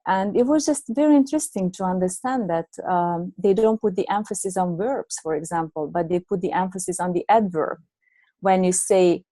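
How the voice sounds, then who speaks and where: A woman's voice: on the low side, normal speed, mellow, dry recording. A middle-aged woman, not a native English speaker, telling her story as a guest coach in a reflective way, with many fillers and restarts. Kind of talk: conversational storytelling.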